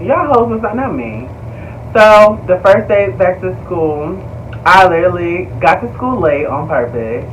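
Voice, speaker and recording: A young man tells his story straight to his viewers, animated and slangy, peppered with swearing and y'all. His voice sits high. The mic is a bit far off, with faint noise behind him. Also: unhurried. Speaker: vlogger. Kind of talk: casual storytime vlog.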